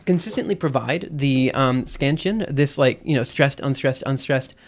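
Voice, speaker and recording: A man's voice: mid-range voice, normal speed. A man streaming, casually explaining things as he thinks aloud, hesitant and full of restarts. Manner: hesitant, many fillers and restarts while explaining.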